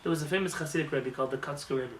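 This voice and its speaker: A man rabbi giving a lively, joking sermon in a synagogue, acting out voices as he talks. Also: fairly high pitch, rapid-fire, distant mic, slight background noise. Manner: animated, acts out voices, jokes with the congregation. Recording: roomy hall with faint ambience.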